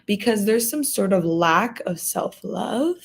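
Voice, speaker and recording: Firm, emphatic woman with a gravelly edge. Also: medium pitch, expressive, takes it slowly. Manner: firm, emphatic, repeats points. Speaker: vlogger giving advice. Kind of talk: direct-to-camera advice talk.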